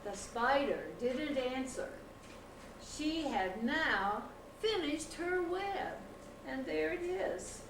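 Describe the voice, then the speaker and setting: An older woman, a grandmother, slowly reading a picture book aloud to a child with gentle pauses. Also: sits high, lively intonation. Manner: slow, gentle storytelling with pauses. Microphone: home video camera across the room. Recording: echoey room, distant camcorder mic, noise.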